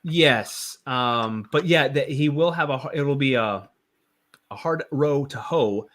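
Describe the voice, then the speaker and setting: A man talking casually on a panel as a comics writer, rambling and halting with frequent restarts and fillers. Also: mid-range voice, a bit bright. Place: online panel session.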